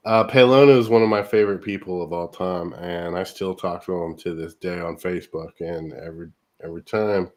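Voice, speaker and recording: Low-voiced man hosting radio chat. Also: fairly even intonation, brisk. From California. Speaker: radio host.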